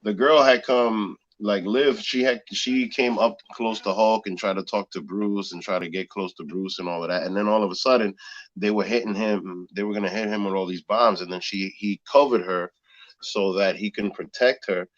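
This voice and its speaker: Podcast co-host, male, lowish voice, animated storyteller, lo-fi phone-recorded sound. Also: moderate pace. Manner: animated storyteller, laughs often, mimics sounds. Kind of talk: casual chat. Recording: lo-fi muffled sound.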